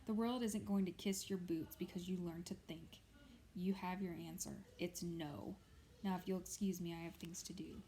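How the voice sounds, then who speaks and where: A woman's voice: on the low side, fairly even intonation, normal speed, mellow, a little hiss or hum, lightly acted. A woman voicing a stern middle-aged male prison warden, firm and clipped, in a storybook reading.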